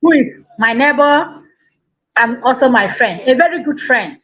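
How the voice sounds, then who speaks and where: A Nigerian woman calling in, telling her story in a hesitant, halting way. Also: high voice, lively intonation, a bit bright, dull audio. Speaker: caller. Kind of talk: call-in story.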